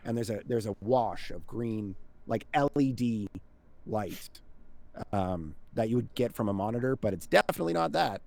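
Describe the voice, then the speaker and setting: A man narrating a tabletop game as game master in a relaxed, casual, rambling way. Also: fairly low pitch, normal speed, creaky.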